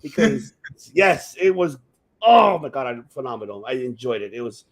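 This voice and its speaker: A man hosting a casual chat show, talking excitably with lots of swearing and restarts. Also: mid-range voice, normal speed. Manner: excitable, profane, rambling with many restarts. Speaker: podcast host. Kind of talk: casual chat about wrestling.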